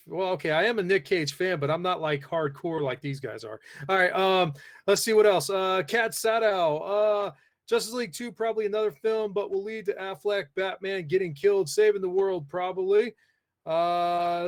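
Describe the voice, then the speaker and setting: A man hosting a live podcast in a loose, rambling way, full of "uh" and "let's see." His voice sits a bit high for a man. He talks casually, as if to friends. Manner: rambling, many fillers, reads chat aloud. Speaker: podcast host. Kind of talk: casual live-stream chat.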